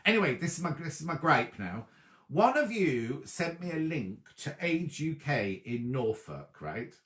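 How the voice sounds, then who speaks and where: A man's voice: fairly high pitch, echoey room. A man hosting a sewing livestream from home, chatting casually and reading out viewer comments. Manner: chatty, lively, reacts to live comments. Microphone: laptop or tablet on a video stream.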